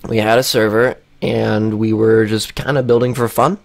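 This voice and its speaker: A man YouTuber with a raspy, cracking voice, rambling through a casual vlog while he plays a game, with lots of fillers and restarts. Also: on the low side, flat delivery, normal speed. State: raspy, voice cracking after a long break.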